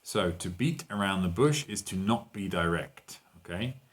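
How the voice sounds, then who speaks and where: A man's voice: low voice, animated, moderate pace, breathy edge. A man teaching an online English lesson, walking learners through exercises and translating lines into Spanish.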